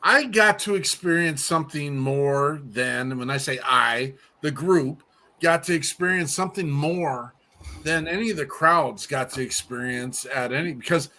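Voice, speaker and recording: Bright-voiced man who stammers through stories. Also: on the high side, a little slow. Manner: rambling, stutters and restarts. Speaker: musician guest. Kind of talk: casual podcast chat.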